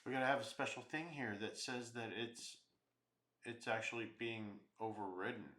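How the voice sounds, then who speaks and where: A man's voice: mid-range voice, steady tone, normal speed, a bit bright, reverberant, a little hiss or hum. A man teaching programming, thinking aloud and muttering as he works through errors in a live coding walkthrough. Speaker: programming instructor.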